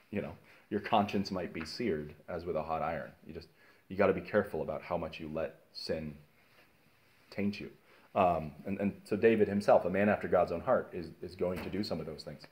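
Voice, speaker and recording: A man teaching a casual Bible study, telling stories in an animated way with many fillers and restarts. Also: lowish voice.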